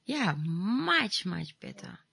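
A woman with a Namibian English accent hosting a casual radio talk show, animated and teasing. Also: mid-range voice, takes it slowly, creaky, slightly rough, no echo. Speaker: radio host.

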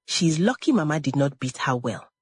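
A woman's voice: deep voice, big pitch swings, moderate pace, breathy edge, dry recording, heavily acted. A woman voicing a spoiled young stepsister who talks with scorn. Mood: taunting. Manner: taunting, scornful.

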